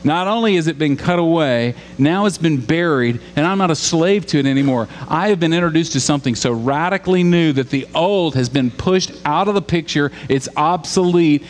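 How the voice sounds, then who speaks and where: A man's voice: a little high, moderate pace, hardly any pauses. Man preaching in a reverberant hall. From Louisiana. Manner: earnest, rising to emphatic repetition, asks the congregation questions. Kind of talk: sermon. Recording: long hall reverb with faint hum.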